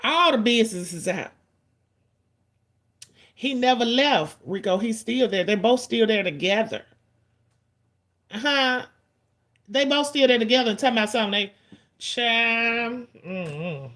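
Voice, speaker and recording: A woman, giving casual, blunt and profane commentary in an animated storytelling way. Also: a little high.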